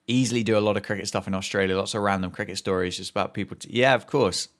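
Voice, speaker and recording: A man's voice: lowish voice, fairly even intonation, rapid-fire. A man hosting a live cricket watchalong, chatting casually, joking and reacting to play and viewer comments.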